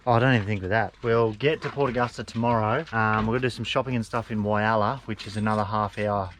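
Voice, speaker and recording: A man's voice: on the low side, steady tone, fast, a bit bright, a little hiss or hum, low-quality recording. A young Australian man vlogging casually from his car and campsite, chatty and laid-back, full of slang and calling the viewers mate. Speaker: travel vlogger. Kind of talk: casual vlog chat to camera. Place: outdoors and in a car on a road trip.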